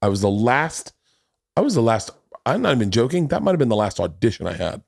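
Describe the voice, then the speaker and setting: A man in his forties hosting a podcast, telling a long story in casual chat, animated and swearing, jumping into quoted voices. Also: mid-range voice, fast talker, gravelly, husky, no echo, studio quality. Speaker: podcast host.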